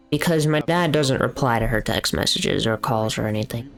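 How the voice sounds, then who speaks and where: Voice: medium pitch, fairly even intonation, moderate pace, vocal fry, soft background music. A young adult streamer chatting casually while gaming, telling a story in blunt, profane language that turns into heated ranting.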